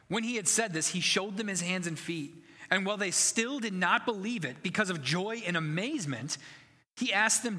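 A man's voice: high-pitched, animated, moderate pace, bright, forceful tone, big-room sound. A man preaching a sermon as pastor, earnest and conversational, building to emphatic passages.

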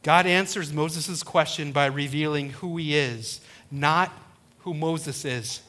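Male pastor, middle-aged, a bit high-pitched, storytelling sermon, slips into character voices. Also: slow, bright, forceful tone. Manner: storytelling preacher, acts out quoted voices.

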